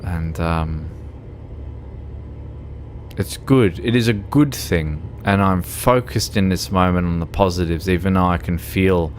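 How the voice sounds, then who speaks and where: A man's voice: sits low, a little slow, a little hiss or hum. A man streaming a game, tipsy, rambling and emotional, laughing often and swearing casually. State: tipsy from alcohol. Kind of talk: casual gaming stream chat.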